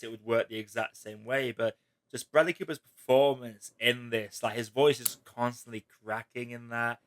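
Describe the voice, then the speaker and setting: A man hosting a casual spoiler chat, retelling movie scenes in an emotional, animated way. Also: mid-range voice. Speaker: host.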